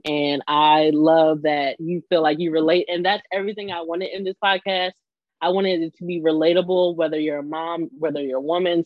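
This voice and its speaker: A woman's voice: on the low side, no echo. Chatty woman podcast host, dry and dull sound. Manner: chatty and effusive, frequent laughs and quoted asides. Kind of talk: casual podcast chat.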